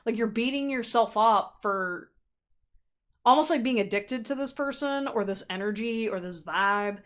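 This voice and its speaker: A woman giving a casual pick-a-card tarot reading in a chatty, animated way, laughing often and playfully acting out quoted thoughts. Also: mid-range voice, normal speed. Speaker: tarot reader.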